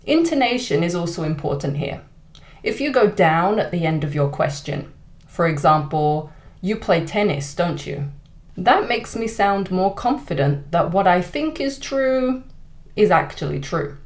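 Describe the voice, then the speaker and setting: Woman, British accent, online English lesson, lively intonation. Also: on the low side. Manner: clear, deliberate teaching delivery with exaggerated example intonation. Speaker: English teacher.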